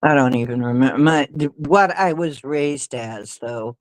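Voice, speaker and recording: A woman's voice: a bass voice, a little slow, dry recording, low-quality recording. A woman hosting a livestream, telling stories in a rambling, hesitant way with many fillers and little laughs. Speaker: livestream host. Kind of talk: casual storytelling chat.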